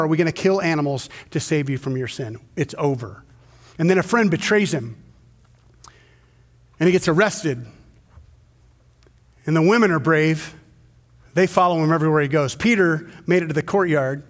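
A male pastor preaching a sermon, swinging from hushed, slow storytelling to loud, intense emphasis. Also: on the high side. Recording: long hall reverb.

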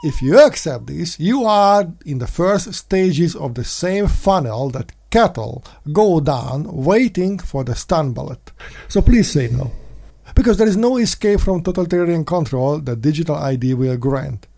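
A man with a somewhat high, very lively voice delivers a casual commentary monologue. He is sarcastic and mocks in put-on voices, now and then breaking into sudden shouts. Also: a little slow, gravelly. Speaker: podcast host.

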